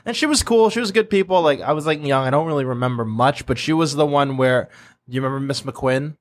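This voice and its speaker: A man's voice: medium pitch, a little fast. A young man co-hosting a podcast, reminiscing in loose, rambling casual chat. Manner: rambling, many fillers. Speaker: podcast co-host.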